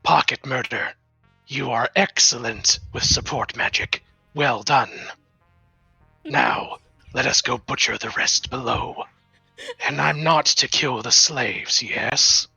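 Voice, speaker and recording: A game master voicing a cold, commanding male demon warrior in a tabletop game, speaking in a formal, measured way. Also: gravelly, bright, forceful tone, breathy edge, dry recording, soft background music, exaggerated voice, low-quality recording. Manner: formal, measured, lower-pitched delivery.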